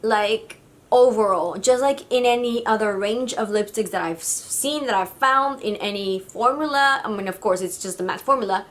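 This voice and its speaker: A woman's voice: mid-range voice, normal speed. Chatty woman with a Mexican Spanish accent. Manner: chatty and gushing, with frequent "like" and "uh" fillers. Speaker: beauty vlogger. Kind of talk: casual makeup review.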